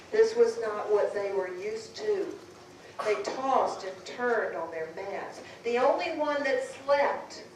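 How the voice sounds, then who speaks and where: Slow dramatic woman storyteller in an echoey room. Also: medium pitch. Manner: dramatic, drawn-out phrasing. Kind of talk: live folktale telling to an audience. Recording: echoey room, far mic, background noise.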